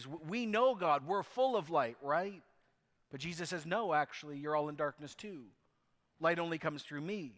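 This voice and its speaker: Male pastor, emphatic storyteller, slightly high voice, long hall reverb. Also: fairly bright tone. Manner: emphatic, storytelling preacher with restarts. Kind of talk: sermon.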